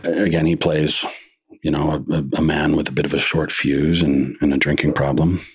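A male actor chatting as a guest in an interview, telling rambling, animated stories. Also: rumbling low, normal speed, breathy edge. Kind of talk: casual interview chat.

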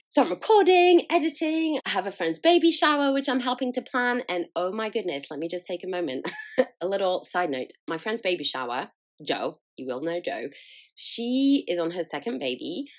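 A woman's voice: lowish voice, very animated, normal speed. A young woman hosting her own podcast, chatting casually about her week, often breaking into giggles and poking fun at herself. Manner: giggly, chatty, self-mocking. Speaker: podcast host. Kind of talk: casual solo chat.

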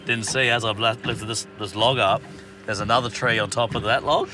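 A man's voice: fairly low pitch, brisk, far from the mic, slight background noise. A man, a podcast guest, telling a story in casual, swearing, laughing chat. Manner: swearing, laughing, animated retelling.

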